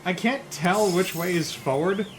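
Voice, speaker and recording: A man's voice: high-pitched, unhurried, slight background noise. A man playing a game on stream, chatting casually and dropping dry jokes. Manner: dry, joking asides. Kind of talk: casual chat while gaming.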